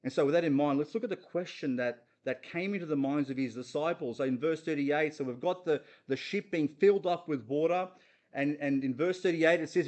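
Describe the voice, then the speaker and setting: A man's voice: a little high, fairly quick, a little mellow. Earnest male preacher, conversational sermon. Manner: earnest, talks straight to listeners with questions. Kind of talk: conversational sermon on a Bible passage.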